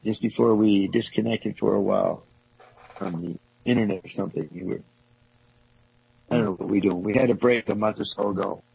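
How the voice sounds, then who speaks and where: A man reading passages from a book aloud to a small group and commenting on them, halting and rereading lines as he goes. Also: fairly low pitch, steady tone, creaky, dark tone, breathy edge, rough recording. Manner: halting, restarts and rereads passages, asides to listeners. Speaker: discussion leader reading from a book.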